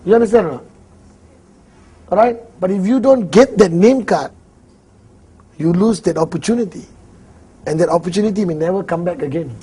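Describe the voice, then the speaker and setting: A man with a Malaysian English accent training a seminar audience on prospecting, talking in an animated, joking way and acting out small dialogues. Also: high voice, normal speed, long pauses, breathy edge. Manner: animated, jokey, acts out little dialogues. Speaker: network marketing trainer. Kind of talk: live seminar talk.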